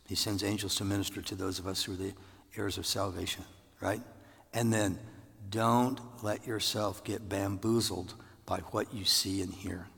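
A man in his sixties preaching a conversational, animated sermon, his husky voice carrying in a church sanctuary. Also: moderate pace. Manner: conversational, animated, with jumps into falsetto for acted voices. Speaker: pastor. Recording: long reverb of a large hall.

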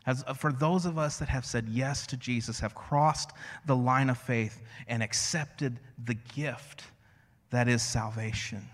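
A man preaching a sermon as a pastor, conversational and storytelling, slowing to a hush on key phrases. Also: mid-range voice, long reverb tail. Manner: conversational, storytelling with self-deprecating asides.

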